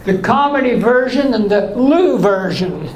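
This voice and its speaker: A man in his eighties doing stand-up in a comedy club, telling deadpan one-liners in a voice left high by voice surgery. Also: a little slow, crowd noise. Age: 80s. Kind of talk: stand-up routine. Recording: echoey club with room noise.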